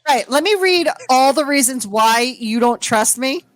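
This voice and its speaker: A woman's voice: high-pitched, animated, measured pace. A woman co-hosting a podcast, telling a story casually and profanely, acting out what others said. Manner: profane, acts out others' quotes. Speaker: podcast co-host.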